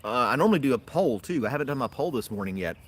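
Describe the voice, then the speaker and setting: A man's voice: mid-range voice, sing-song, quick pace, slight background noise. A man hosting a casual livestream from his backyard, rambling and chatting with viewers and laughing often. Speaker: livestream host. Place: outdoors in a backyard.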